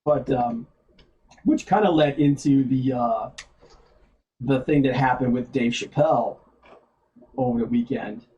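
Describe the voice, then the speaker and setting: A man's voice: mid-range voice, unhurried, long pauses, dark tone, highs cut off. A man hosting a casual streamed chat show, rambling with lots of fillers and laughing often. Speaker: podcast host.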